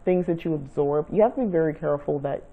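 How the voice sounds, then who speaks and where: A woman's voice: low-pitched, fast talker, slightly rough. A woman giving casual spiritual advice to camera, rambling and searching for words as she talks. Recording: tinny phone-like sound.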